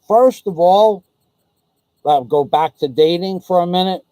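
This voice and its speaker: A man's voice: sits high, unhurried, mellow, no room sound, poor audio. A man vlogging in an indignant, profane storytelling rant. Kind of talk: ranting monologue.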